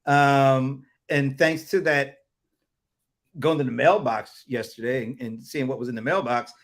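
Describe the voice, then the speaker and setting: A man's voice: medium pitch, unhurried. A man hosting a casual livestream chat over a video call, rambling with many fillers and chuckles. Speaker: host.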